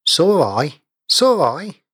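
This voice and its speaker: A man's voice: mid-range voice, lively intonation, measured pace, a bit bright, no echo, studio quality. A man voicing an old village cobbler, who insists in rustic dialect speech that he saw a ghost. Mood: insistent.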